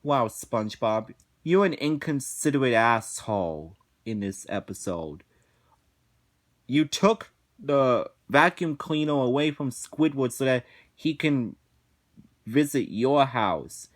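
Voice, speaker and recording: A man giving a casual review rant, talking slowly with frequent restarts, repetitions and swearing. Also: medium pitch, lively intonation. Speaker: episode reviewer.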